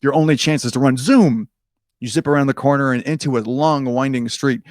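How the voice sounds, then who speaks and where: A man's voice: mid-range voice, fairly quick, dry recording, studio quality, faint music behind. A man reading a choose-your-own-adventure book aloud in a casual, comedic way, with rambling, self-deprecating asides and frequent swearing.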